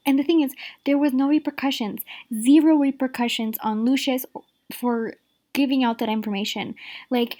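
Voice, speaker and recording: A woman's voice: on the high side, dark tone. A woman giving a casual, exasperated opinion rant about a show, filling her talk with "like" and "the thing is". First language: Spanish. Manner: exasperated, rapid, repeats "like" and "the thing is". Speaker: show reviewer.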